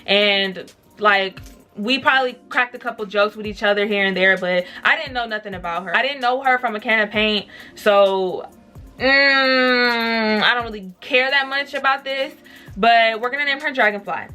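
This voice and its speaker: Bright-voiced woman vlogger, blunt and profane. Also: fairly high pitch, normal speed, soft background music. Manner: blunt and profane, animated retelling. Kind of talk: casual storytime.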